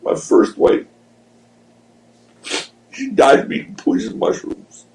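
Seorang pria, tamu podcast, bercerita dengan santai dan hidup, sering memakai kata kasar dan menirukan suara orang dalam ceritanya. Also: male voice, takes it slowly, echoey room, rough recording. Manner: animated, profane, acts out voices in his stories. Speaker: podcast guest, former wrestling promoter. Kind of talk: casual storytelling.

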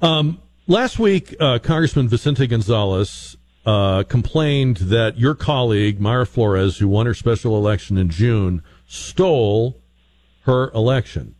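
A man hosting a radio talk show, asking measured questions that he builds up at length. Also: medium pitch, expressive, a little mellow, dry recording. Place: radio studio.

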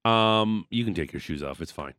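Low-voiced joking sports radio man. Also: animated, normal speed, a bit bright, no echo, studio quality. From Ontario, Canada. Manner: joking, self-mocking, lots of fillers. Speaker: radio sports show co-host. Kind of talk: casual sports radio banter.

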